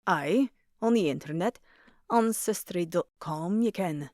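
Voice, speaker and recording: Woman voicing a Scottish Highlander man. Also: lively intonation, measured pace, darkish tone, no room sound, clean studio sound. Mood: fond. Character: Scottish Highlander man, gruff, tender, teasing.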